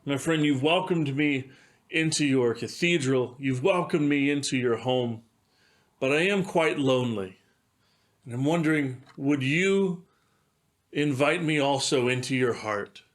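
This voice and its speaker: A man's voice: medium pitch, a little slow, lightly acted. A man voicing a tall, sly, lonely male demon who asks politely and coaxingly to be let in.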